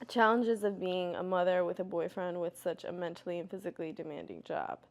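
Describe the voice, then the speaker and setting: A young woman chatting candidly as she answers viewer questions, filling her talk with "like" and "you know" and getting loud and lively when she tells a story. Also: mid-range voice. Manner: gets loud and animated when telling stories. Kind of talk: casual Q&A chat.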